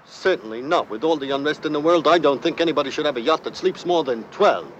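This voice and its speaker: A man's voice: a little high, expressive, fast talker, background noise, natural voice. An actor playing a suave, wealthy young man with an affected posh drawl in an old film. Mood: aloof. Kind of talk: 1950s film acting. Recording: dull old film soundtrack.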